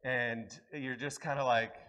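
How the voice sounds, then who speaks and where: A man's voice: medium pitch, fairly even intonation, measured pace, sharp tone, slight background noise. A man preaching a sermon as pastor, conversational and earnest, rising to emphatic peaks.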